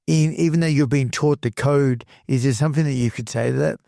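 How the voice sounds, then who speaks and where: A man hosting a podcast interview, gentle and sympathetic. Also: medium pitch, a little fast, vocal fry, no room sound, clean studio sound. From Australia. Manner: gentle, sympathetic, soft-spoken. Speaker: podcast host.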